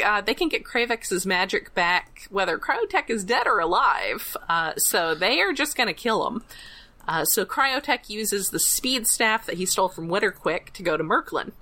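A woman podcast co-host giving a chatty, casual episode recap, laughing often and filling pauses with "uh". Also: medium pitch, pushed and bright, low-quality recording.

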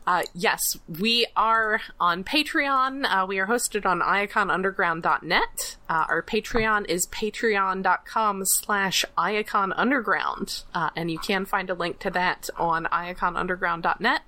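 A woman podcast co-host giving a chatty, casual episode recap, laughing often and filling pauses with "uh". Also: medium pitch, bright, forceful tone, rough recording.

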